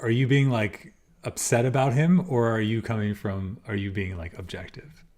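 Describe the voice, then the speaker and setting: A man's voice: on the low side, steady tone, normal speed, a little mellow. Man with an American accent, musing aloud. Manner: musing, chuckling, thinks aloud. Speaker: podcast host. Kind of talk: casual chat. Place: podcast recording in Seoul.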